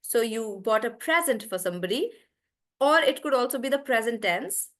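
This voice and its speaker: A woman teaching stress in words to students in an online class. She explains patiently and says key words slowly, with the stress marked. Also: a little high, lively intonation. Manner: talks straight to the students. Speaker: English teacher.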